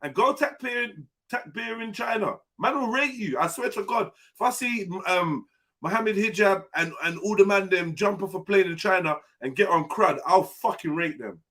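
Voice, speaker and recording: A man hosting a live panel stream, talking in an animated, incredulous, joking way full of slang. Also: high-pitched, normal speed. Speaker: live panel show host. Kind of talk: casual live-stream chat.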